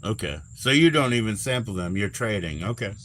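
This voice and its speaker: Male host, 40s, casual stream chat, profane and rambling, low voice, faint night ambience. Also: expressive, a little fast, a bit bright, a little hiss or hum. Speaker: livestream host.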